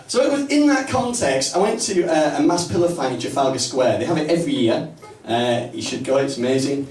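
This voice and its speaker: A man with a Northern English accent doing a stand-up comedy set in a small pub club, with punchy, deadpan delivery. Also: a little high, fairly quick, few pauses, crowd noise. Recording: roomy, distant live mic, faint ambience.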